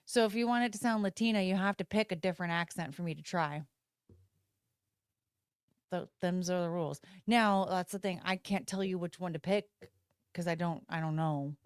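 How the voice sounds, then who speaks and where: A woman's voice: fairly low pitch, normal speed, smooth, dry recording. Rambling woman chatting on a livestream. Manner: rambling, self-interrupting, talks to viewers. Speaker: livestream host. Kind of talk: casual livestream chat. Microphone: phone.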